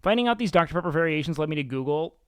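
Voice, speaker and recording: A man hosts a livestream, reading chat in a blunt, profane, self-mocking way. His voice is smooth and resonant and sits a little high for a man. It is recorded dry and close on the mic, with no room sound. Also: expressive, very fast, no room sound. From Mexican and Salvadoran heritage. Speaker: livestream host. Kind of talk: casual stream chat, reacting and reading chat.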